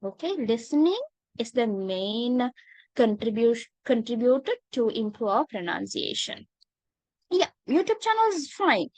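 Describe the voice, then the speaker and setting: A woman with a Sri Lankan accent teaching English in an online class. She is patient, calls students darling and dear, and pauses often with "uh". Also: a little high, very animated, darkish tone, no room sound, low-quality recording. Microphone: video call.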